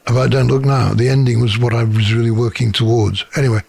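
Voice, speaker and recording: A man's voice: mid-range voice, level tone, fast talker, vocal fry, a little mellow. An older man, a screenwriter, tells anecdotes in an interview in his office. He chuckles as he talks and acts out the voices of people in his stories. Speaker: screenwriter and producer.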